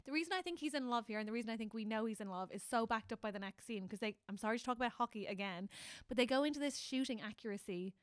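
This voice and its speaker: A woman co-hosting a comedy podcast in casual chat, excitable and quick to laugh. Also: a little high, clean tone, no echo, studio quality. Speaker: podcast co-host.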